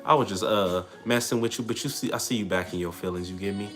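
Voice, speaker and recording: A man's voice: lowish voice, quick pace, faint music behind. A young man, hosting a casual livestream and answering comments in a brash, slangy, trash-talking way. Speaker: livestream host.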